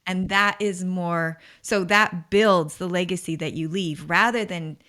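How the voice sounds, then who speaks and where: A woman co-host with a fairly low pitch but a bright, forward tone reflects aloud on what her guest said. She talks thoughtfully and backs it with encouraging agreement. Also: steady tone, measured pace. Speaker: podcast co-host. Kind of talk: conversational interview.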